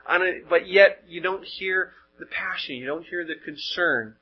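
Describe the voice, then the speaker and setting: Male preacher, husky voice, conversational sermon full of rhetorical questions; muffled lo-fi recording. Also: high-pitched, a little slow. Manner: conversational, rhetorical questions, frequent word repeats.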